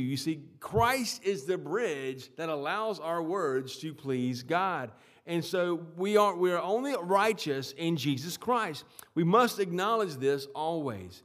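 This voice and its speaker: A man preaching a sermon with emphatic swings in loudness, often repeating words and restarting phrases. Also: on the high side, animated, slow. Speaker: pastor.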